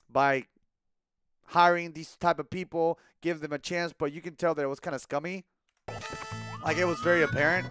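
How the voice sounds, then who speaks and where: A young man streaming a game and rambling through a casual story, with lots of likes and restarts. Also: on the high side.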